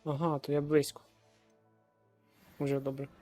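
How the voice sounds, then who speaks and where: A man from Ukraine giving casual let's-play commentary, muttering and joking at what happens on screen. His voice is mellow and fairly flat, a bit high for a man. Game music plays faintly behind. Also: normal speed. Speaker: gaming streamer.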